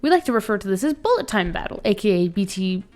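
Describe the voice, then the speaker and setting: A woman's voice: medium pitch, very animated, fast, a little mellow. A woman streaming a game live, laughing, swearing and reading the tutorial text aloud. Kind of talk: live let's play commentary.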